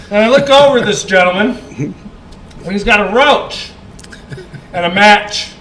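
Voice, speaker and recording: A man telling a profane, animated story in casual podcast chat, laughing often. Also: high voice, takes it slowly, roomy sound, a little hiss or hum, poor audio. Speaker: podcast guest. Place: podcast studio.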